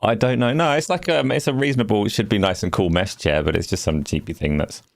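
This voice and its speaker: A man with a very low, deep voice hosts a live gaming podcast. He talks casually and teases his co-hosts, putting on mock offense at their jokes. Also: fast, gravelly. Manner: teasing, playfully indignant. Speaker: podcast host.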